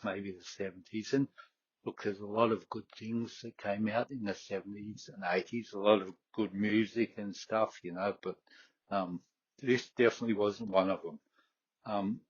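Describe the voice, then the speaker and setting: A man's voice: fairly low pitch, slightly rough, no echo, highs cut off. A middle-aged man with a Queensland Australian accent hosting a fitness podcast, rambling with many fillers and restarts. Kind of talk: casual solo talk.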